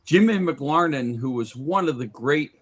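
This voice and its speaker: A man's voice: on the high side, expressive, measured pace. A man who is a guest on a sports talk radio show, telling stories in a casual chat and often restarting and repeating words.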